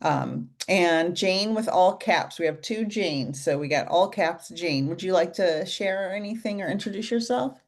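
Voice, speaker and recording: A woman hosting an online workshop, warmly guiding and encouraging participants. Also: fairly low pitch, measured pace, hardly any pauses.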